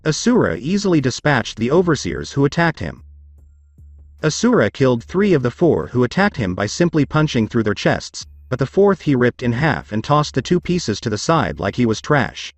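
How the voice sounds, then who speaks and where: Lively male story narrator. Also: mid-range voice, moderate pace, no room sound, soft background music. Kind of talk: scripted narration.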